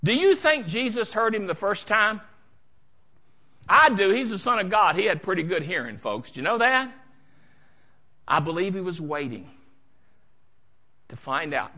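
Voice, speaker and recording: A man preaching a sermon in church, dramatic, dropping to a hush and then rising to shouts. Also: sits high, expressive, brisk, muffled recording. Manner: dramatic, swings from hushed to shouting. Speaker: pastor.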